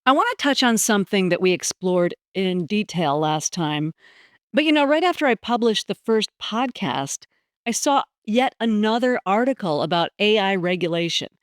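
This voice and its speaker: A woman's voice: medium pitch, lively intonation, moderate pace, no echo, studio quality. A woman hosting a podcast, talking casually and with some amusement, using fillers. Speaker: podcast host.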